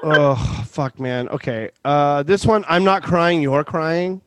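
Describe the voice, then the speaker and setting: Host, man, 40, higher-pitched, dry close sound, rambling and profane. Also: steady tone, takes it slowly, a bit bright, smooth, dry recording. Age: 40s. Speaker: podcast host. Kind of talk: casual comedic chat.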